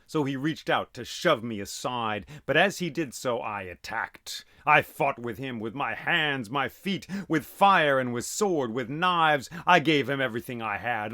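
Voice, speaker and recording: Man, storyteller, oral myth narration, dramatic, lively intonation, mid pitch. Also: unhurried, few pauses, no echo, studio quality. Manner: animated, dramatic, sound effects in speech. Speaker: storyteller and podcast host.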